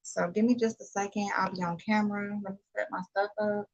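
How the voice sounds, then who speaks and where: A woman's voice: medium pitch, fairly even intonation, fairly quick, creaky, muffled recording. A young woman hosting a casual livestream while doing her makeup, chatty and a little nervous, greeting viewers by name. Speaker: beauty YouTuber hosting a livestream.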